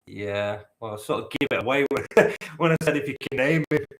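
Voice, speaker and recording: A man's voice: medium pitch, a little fast. A man hosting a live-stream quiz, bantering with the chat, teasing and swearing casually. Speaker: quiz host. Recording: roomy echo.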